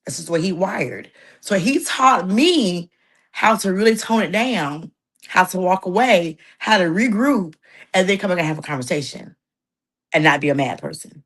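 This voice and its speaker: A woman's voice: medium pitch, fairly bright tone. Earnest woman talking about parenting. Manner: earnest, conversational, asks "right?" often. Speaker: workshop speaker on parenting communication. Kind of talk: informal talk to parents.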